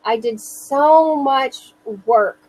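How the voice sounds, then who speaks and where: A woman in her thirties, a mother recounting her own experience in an interview, speaking slowly and earnestly with halting restarts. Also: high voice, darkish tone, rough recording. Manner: slow, earnest, self-reassuring, halting restarts. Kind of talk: personal testimony in an interview.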